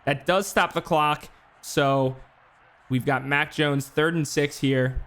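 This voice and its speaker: A man calling play-by-play for a simulated football game on a live stream, talking fast between plays with casual asides. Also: on the high side, fairly even intonation, fairly bright tone. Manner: rapid play-by-play, filler-heavy asides. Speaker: play-by-play commentator. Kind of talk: esports sim football commentary.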